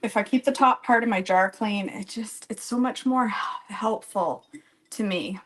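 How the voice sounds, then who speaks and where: Baking on a casual live stream, this woman rambles along, jokes at her own expense, addresses viewers by name and laughs a lot as she works. She speaks at a moderate pace in a medium pitch, and the audio is rough.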